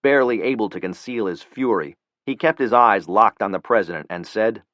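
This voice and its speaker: A male narrator reads a thriller audiobook in an even, measured way. His voice sits low. The recording is dry and close. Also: no echo, highs cut off.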